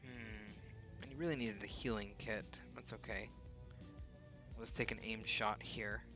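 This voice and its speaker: A man's voice: lowish voice, fairly even intonation, unhurried, music in the background. A man streaming a video game late at night, casually thinking aloud about his moves. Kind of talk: casual gameplay commentary.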